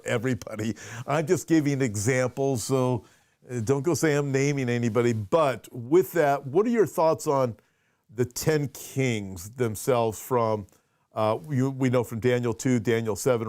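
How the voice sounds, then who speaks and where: With a medium-pitched, slightly mellow voice recorded dry at studio quality, a pastor hosts a casual talk show. His delivery is conversational and full of restarts and fillers, and he reads questions sent in by viewers.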